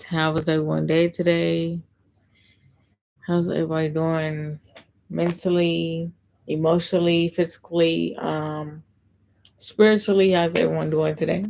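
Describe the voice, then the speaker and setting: Low, gravelly woman chatting on a live stream. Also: a little mellow, poor audio. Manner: chatty, reads and answers viewer comments. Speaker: livestream host. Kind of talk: casual livestream chat.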